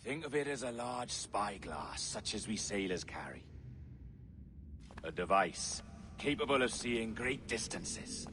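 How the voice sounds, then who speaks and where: A man voicing a calm guide who explains a secret device to a sailor, in a measured way. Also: on the low side, noisy background.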